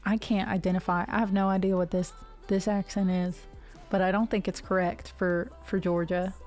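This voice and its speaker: A woman's voice: medium pitch, little pitch movement, moderate pace, a little mellow. A woman from the Ohio River Valley hosting a music livestream, chatting casually and rambling with restarts and fillers. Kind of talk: casual chat with stream viewers.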